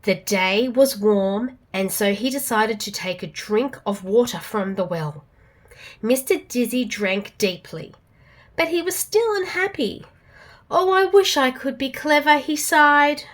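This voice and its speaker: A woman with an Australian accent reading a storybook aloud to children, expressive and animated. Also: mid-range voice, slow.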